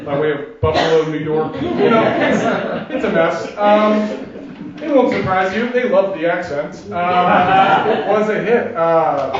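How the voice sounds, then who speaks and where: A man tells comic stories about himself on a theater stage, chatty and self-deprecating, with a slightly high voice. The sound is distant and echoey, picked up from across a big room on a dull, muffled recording. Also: lively intonation, a loud crowd. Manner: self-deprecating, chatty, with restarts and quick asides. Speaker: comedian performing a solo show. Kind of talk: stand-up storytelling. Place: theater stage before a laughing audience.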